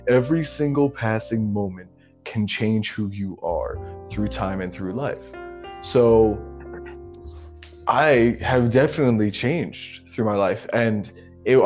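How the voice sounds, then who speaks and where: A young man co-hosting a podcast, telling a long personal story in a relaxed, profane way, with lots of "man" and "you know". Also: lowish voice. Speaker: podcast co-host. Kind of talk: casual storytelling chat. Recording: slightly muffled lo-fi audio with faint music.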